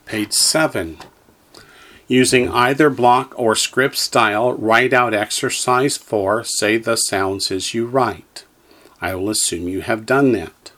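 Slow, deliberate male language teacher. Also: medium pitch, fairly bright tone. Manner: deliberate, enunciates each syllable for repetition. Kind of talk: slow drill-style lesson reading.

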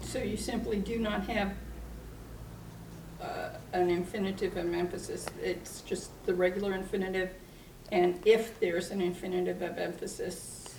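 A woman's voice: medium pitch, fairly even intonation, moderate pace, darkish tone, recorded from a distance, a little hiss or hum, rough recording. A woman student in class repeating words back after the teacher and asking questions.

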